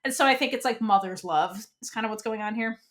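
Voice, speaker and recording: A woman's voice: fairly high pitch, quick pace. A young woman co-hosting a podcast, chatting casually through an episode recap and acting out characters' lines as she goes. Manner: animated, acts out characters' lines mid-recap. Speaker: podcast co-host. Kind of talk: casual fan recap chat.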